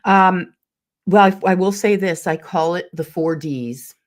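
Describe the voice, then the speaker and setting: A woman's voice: fairly low pitch, unhurried. A middle-aged woman, a guest on a podcast, telling her personal story in an earnest, emphatic way with vivid detail. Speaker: intuitive mentor and podcast guest.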